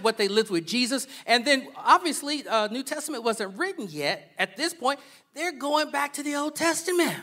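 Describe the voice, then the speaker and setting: High-voiced, bright animated male pastor. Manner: animated, swinging from loud preaching to soft asides. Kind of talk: sermon.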